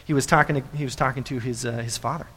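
A man preaching a sermon, telling the story in an animated way and repeating phrases for emphasis. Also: medium pitch, quick pace, slightly rough. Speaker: pastor. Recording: echoey hall.

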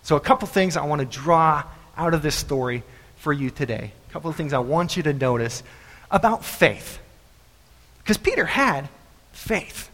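A man preaching a sermon, telling the story in an animated way and repeating phrases for emphasis. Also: a little high, normal speed. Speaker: pastor. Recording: echoey hall.

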